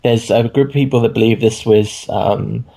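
A man's voice: on the low side, steady tone, normal speed, creaky, dark tone. A man co-hosting a casual discussion, thinking aloud with hesitant fillers. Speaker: co-host.

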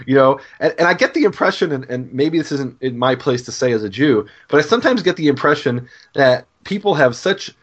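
A man's voice: medium pitch, expressive, fairly quick, hardly any pauses. A man who teaches about the Bible talking in a casual discussion, earnest and stammering, often repeating words as he thinks aloud. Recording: muffled lo-fi audio.

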